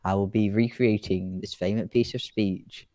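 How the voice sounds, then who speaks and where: A man's voice: on the low side, steady tone, moderate pace, dark tone, no echo. A British man streaming live, doing playful mock airshow commentary in a jokey announcer voice.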